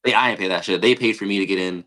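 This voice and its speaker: A man guesting on a live-streamed podcast, telling a casual story in an animated way, acting out what people said and swearing freely. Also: low-pitched, racing. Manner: animated, retells scenes with quoted dialogue, swears casually. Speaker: podcast guest, game creator.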